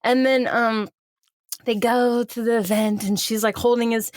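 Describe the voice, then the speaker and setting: A woman's voice: a little high, a little slow, no room sound, clean studio sound. A woman co-hosting a podcast, a bit tipsy, recapping a movie in casual chat and acting out characters' lines with lots of laughter. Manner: lively retelling that acts out characters' lines, laughing often. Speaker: podcast co-host.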